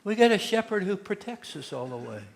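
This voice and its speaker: A man's voice: high voice, very animated, brisk, vocal fry. Man, pastor, folksy sermon storytelling, acted-out quotes, reverberant sanctuary. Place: church sanctuary. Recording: long church hall reverb.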